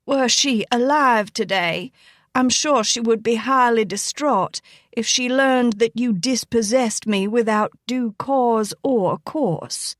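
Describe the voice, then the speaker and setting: A woman voicing a proud white-haired woman in her sixties, with a firm, oddly pleasant, rasping voice. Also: a little high, slow pace, dry recording, studio quality, voice pushed up. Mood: haughty. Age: 60s.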